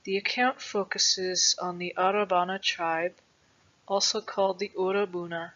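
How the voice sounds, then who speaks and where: A woman narrating a historical text in a measured, deliberate reading voice. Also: medium pitch, lo-fi sound. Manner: slow, deliberate, even delivery.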